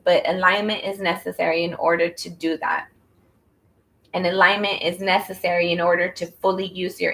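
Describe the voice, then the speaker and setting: A woman's voice: on the low side, vocal fry, a bit bright. A woman giving a casual spoken tarot reading, rambling and soothing, with many fillers as she talks. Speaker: tarot reader.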